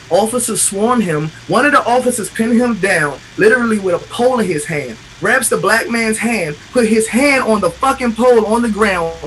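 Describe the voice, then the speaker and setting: Impassioned high-voiced man, profane and raw. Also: a bit bright, a little hiss or hum, low-quality recording. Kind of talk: emotional casual chat.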